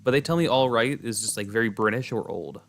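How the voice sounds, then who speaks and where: A young male streamer chatting loosely with his viewers while he plays. He rambles, trips over his words and restarts often, filling gaps with "like". His voice sits at an ordinary middle pitch. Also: fast. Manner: rambling, many fillers and restarts. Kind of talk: casual chat while gaming.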